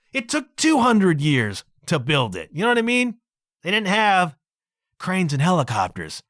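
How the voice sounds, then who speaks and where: A man's voice: high voice, measured pace, dry recording, studio quality. A man hosting his own podcast, telling travel stories in a casual, exclaiming way, dropping "man" and "dude" often. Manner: animated, exclaiming storyteller with frequent "man" and "dude". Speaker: podcast host. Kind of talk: casual solo podcast monologue.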